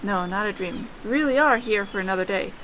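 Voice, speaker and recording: A woman streamer reading a dating-sim game aloud, playful and animated, with jokey asides. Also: medium pitch, fairly quick, a little hiss or hum, poor audio.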